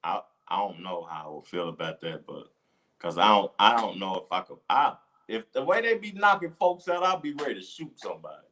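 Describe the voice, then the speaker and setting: A man's voice: lowish voice, expressive, a little fast, a bit bright. A man co-hosting a podcast, laid-back in casual chat with short replies. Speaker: podcast co-host.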